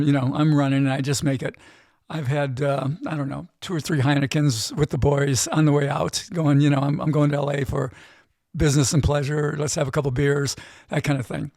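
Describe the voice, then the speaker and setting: A middle-aged man, a gambling expert guest, telling an animated story in casual interview chat and often tagging his lines with "right?". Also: a little high, gravelly, dry recording, studio quality.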